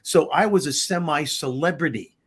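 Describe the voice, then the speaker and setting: A middle-aged man, hosting a talk show and telling a personal story in an animated, conversational way. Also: a little high, normal speed, slight background noise. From Long Island, New York. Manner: animated, conversational, repeats words. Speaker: host.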